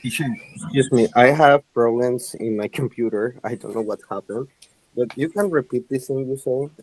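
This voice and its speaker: A man's voice: medium pitch, normal speed. A male student with a Panamanian Spanish accent, speaking English as a second language, joins a video class from his cell phone, hesitant and apologetic. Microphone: cell phone on video call. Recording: noisy phone connection.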